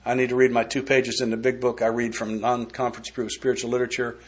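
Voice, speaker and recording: A man's voice: medium pitch, monotone, quick pace, husky. A man giving a recovery step study talk, folksy and joking in a conversational way. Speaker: workshop speaker.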